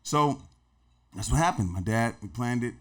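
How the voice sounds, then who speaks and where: A middle-aged man, a podcast guest, telling stories in a casual, animated and slangy way, often saying "man" and "bro". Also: medium pitch, normal speed. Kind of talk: casual storytelling.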